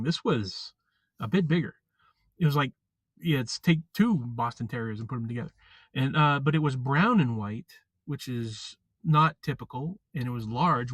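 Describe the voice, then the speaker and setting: A man chatting casually on a live stream, rambling and halting with lots of fillers and restarts. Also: mid-range voice, a bit bright, slightly rough, no echo. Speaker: vlogger.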